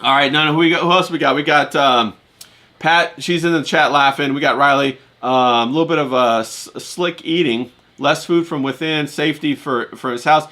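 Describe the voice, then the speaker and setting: A man's voice: a little high, moderate pace, sharp tone. A man hosting a casual chat, reading out viewers' messages in a laid-back way with plenty of fillers. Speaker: host.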